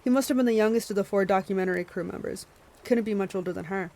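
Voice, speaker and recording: A woman hosts a book club stream, reading a novel aloud with small stumbles and self-corrections and chatting to viewers between passages. Her medium-pitched voice is fast and a little mellow, captured in a rough recording.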